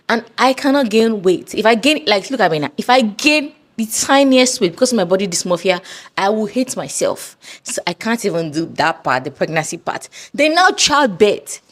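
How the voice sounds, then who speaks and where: A woman talks to camera and lists her reasons bluntly and emphatically. Her pitch rises and falls widely as she stresses her points. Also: lively intonation, moderate pace. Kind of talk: casual talking-to-camera list.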